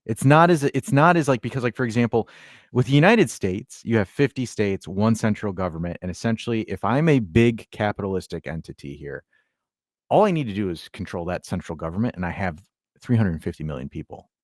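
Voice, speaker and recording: A man's voice: fairly low pitch, animated, fairly quick, dry recording, clean studio sound. A man hosting a podcast, joking in casual chat and stumbling over his words. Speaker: podcast host.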